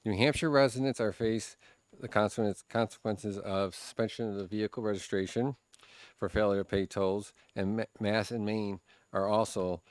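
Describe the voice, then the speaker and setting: A man's voice: on the low side, clear, resonant tone, dry recording. A man, a transportation official, reading prepared testimony to a committee, formal and stumbling on words. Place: legislative hearing room.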